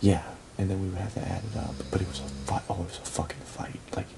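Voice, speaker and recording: A man's voice: deep voice, completely flat delivery, quick pace, vocal fry. A man in a shared bedroom at night, telling rambling, profane stories in a casual late-night chat. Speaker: reality show houseguest. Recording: hissy live-feed audio.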